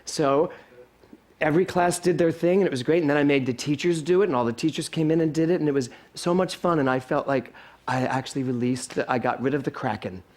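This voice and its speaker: A man preaching from the pulpit, spinning a humorous personal story. His voice sits a little high and he talks with animated, self-deprecating humor, chuckling at himself as he goes. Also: fast talker. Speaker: pastor. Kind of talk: storytelling sermon. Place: spiritual center sanctuary.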